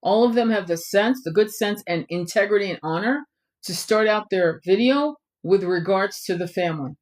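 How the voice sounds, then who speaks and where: A woman's voice: medium pitch, animated, moderate pace. A middle-aged woman speaks straight to her viewers in an impassioned monologue, her voice sitting in a middle register. She is blunt and fiery, swearing freely as she rants. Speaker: tarot channel host.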